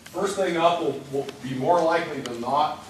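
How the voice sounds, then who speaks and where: With a little high voice at a moderate pace, a congested man, a rail operations executive, gives a conversational briefing at a public meeting, peppered with uh's, um's and restarts. A far-off room mic in a large meeting room yields echoey, noisy audio.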